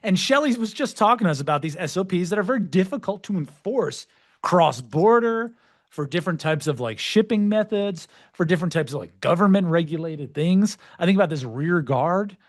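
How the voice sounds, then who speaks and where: A male podcast host talks in a somewhat high voice that rises and falls widely as he jokes his way through the topic. His asides are playful and self-mocking. The sound is close and dry, with no room around it. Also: expressive, a little fast, no echo. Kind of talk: energetic presentation with jokes.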